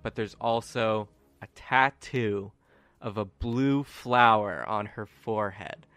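A man's voice: on the low side, slow pace, a bit bright, clear, resonant tone, no room sound. A man acting as game master, narrating a tabletop game casually with many fillers.

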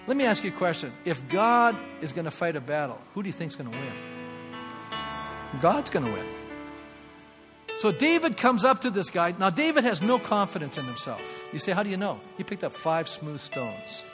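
Male pastor, high voice, emphatic sermon, reverberant church hall, music underneath. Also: big pitch swings, moderate pace. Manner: emphatic preaching with acted-out quotes. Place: church sanctuary.

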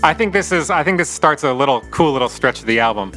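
A man's voice: a little high, animated, quick pace, pushed and bright. A man co-hosting a casual music podcast, talking in a thoughtful, analytical way. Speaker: podcast co-host.

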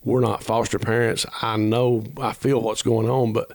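A man's voice: medium pitch, level tone, normal speed, no echo. A man, telling a long personal story as a podcast guest, earnest and rambling, acting out the dialogue as he goes. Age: 50s. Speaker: musician guest.

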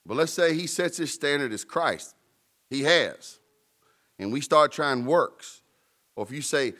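A man's voice: a little high, animated, a little slow, pauses often, sharp tone. A man preaching a sermon in a conversational way, with playful asides and emphatic peaks. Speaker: pastor.

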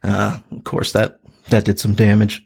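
A man's voice: on the low side, monotone, moderate pace, vocal fry, darkish tone, breathy edge. A man in his thirties, a podcast co-host, telling a story in a laid-back way, with lots of fillers and laughs. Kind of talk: casual storytelling chat.

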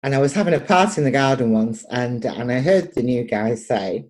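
A woman's voice: a bass voice, moderate pace. An older woman from Manchester with a Manchester accent, telling personal stories in an interview and acting out the voices in them. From Manchester, England. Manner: lively, acts out voices in her anecdotes. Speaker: poet and performer, interviewee.

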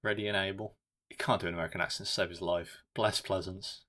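A man's voice: deep voice, steady tone, fast talker, pushed and bright. A man co-hosting a casual film review podcast, rambling and swearing as he jokes. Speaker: podcast co-host.

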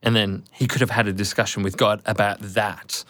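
A man hosting a faith conversation, calm and affirming, with frequent fillers as he talks. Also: on the low side, fairly quick, dry recording.

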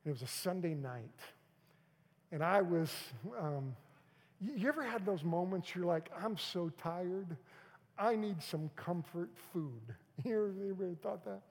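A middle-aged male pastor telling a personal story in a sermon, moving from loud urging to hushed, near-whispered moments. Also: sits high, animated, a little slow. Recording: long hall reverb.

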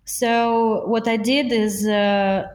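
A woman, a guest in an interview, speaking reflectively with frequent pauses and restarts. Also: a little high, steady tone, a little mellow, roomy sound. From Russia. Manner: reflective, hesitant, with many fillers and restarts. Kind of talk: conversational interview.

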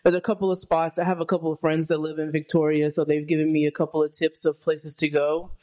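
A woman raised in Texas, co-hosting a podcast and chatting in an enthusiastic, excitable way. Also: low voice, fast. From Texas, United States. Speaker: podcast co-host. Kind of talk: casual chat.

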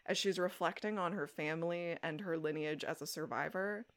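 A young adult woman co-hosting a podcast, recapping a show episode in casual chat, animated and laughing as she acts out quoted lines. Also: fairly low pitch, moderate pace. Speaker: podcast co-host.

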